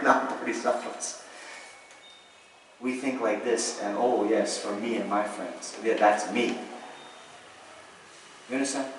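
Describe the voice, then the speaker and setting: A man teaching a Buddhist class in a conversational way, often checking in with his students and acting out ordinary views in quick asides. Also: lowish voice, a bit bright. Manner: conversational, checks in often with "right?" and "you understand?". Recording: echoey hall, distant, faint hiss.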